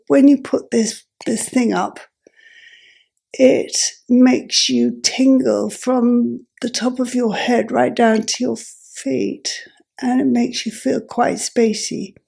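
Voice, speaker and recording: A woman vlogger explaining step by step, her voice croaky and gravelly and breaking into breathy whispers, speaking in halting, self-correcting phrases. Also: a little high, a little mellow. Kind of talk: explaining while adjusting a device.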